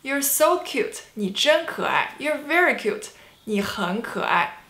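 A woman from China with a Chinese accent, teaching a cheerful online language lesson, laughing often and repeating words slowly for practice. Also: high-pitched, very animated, a bit bright, echoey room. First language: Mandarin Chinese.

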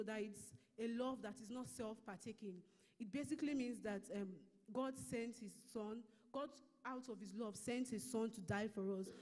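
A woman with a Nigerian English accent giving a measured Bible lesson at a church service, reading scripture slowly and explaining it. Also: on the high side, dark tone, in a large hall. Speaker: church minister teaching a lesson. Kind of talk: sermon-style Bible teaching.

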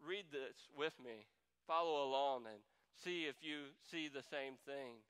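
Bright-voiced preaching man, clear and resonant. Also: medium pitch, unhurried, low-quality recording. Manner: preaching with swings from soft to loud, reading scripture aloud. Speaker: pastor. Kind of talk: sermon. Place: church sanctuary.

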